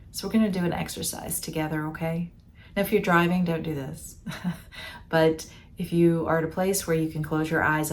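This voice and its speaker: A woman's voice: sits low, a little mellow, a little hiss or hum. A woman coach guiding listeners through an imagery exercise, talking in an earnest, conversational way and often repeating words as she goes. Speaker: betrayal recovery coach. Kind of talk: guided imagery talk to listeners.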